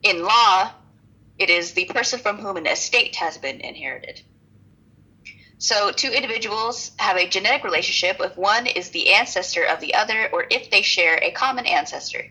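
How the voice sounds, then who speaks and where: Woman cohosting a podcast, kinda husky, laughs a lot, jokes about her own notes. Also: medium pitch, normal speed, pushed and bright, rough recording. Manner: laughs often, self-deprecating asides. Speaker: podcast co-host. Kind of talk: casual chat, reading notes aloud.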